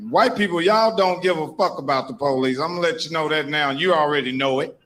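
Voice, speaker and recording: A male stand-up comedian delivering a bit in a loud, forceful way. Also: fairly high pitch, fast. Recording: echoey venue recording.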